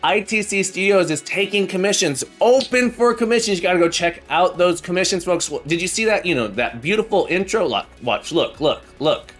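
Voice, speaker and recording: A man's voice: high voice, expressive, moderate pace, few pauses. A man hosting a livestream, chatting casually and cheerfully greeting viewers by name, sometimes drawing out names in a sing-song way. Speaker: livestream host. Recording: soft background music. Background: background music.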